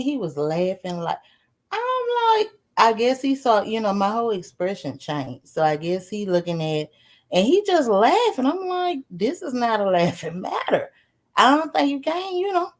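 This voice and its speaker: A woman livestreaming, casually telling a story to her chat. She is animated, swears freely, laughs as she talks and keeps throwing questions to her viewers. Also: fairly high pitch. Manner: laughs while talking. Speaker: live streamer.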